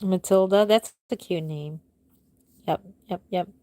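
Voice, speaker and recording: A woman's voice: unhurried, dry recording. A middle-aged woman who makes reborn dolls, chatting casually with viewers on a live stream from home and answering their comments one by one. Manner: chatty, answers viewers one by one, drifts soft and low at the ends of thoughts. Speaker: reborn doll artist hosting a live stream.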